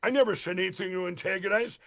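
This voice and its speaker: High-voiced, rambling Minnesota man. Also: fast, sharp tone. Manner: rambling, emphatic, many restarts. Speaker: political candidate guest. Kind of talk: radio interview.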